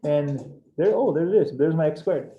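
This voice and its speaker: A man's voice: fairly high pitch, expressive, normal speed, dull audio. A man teaching a math class, explaining steps in an upbeat, casual way with bits of slang. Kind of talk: live algebra class over video call. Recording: echoey room with faint noise.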